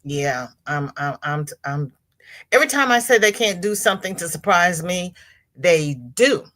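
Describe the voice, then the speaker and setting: Slow-talking woman hosting a livestream. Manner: greets chat viewers by name with sing-song hellos; chatty and animated, with sudden high exclamations. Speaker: livestream host. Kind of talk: casual livestream chat.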